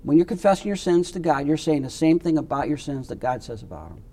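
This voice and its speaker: Bible class teacher, man, fairly high voice, emphatic and chatty. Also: expressive, fast, mellow. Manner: emphatic, conversational, repeats points.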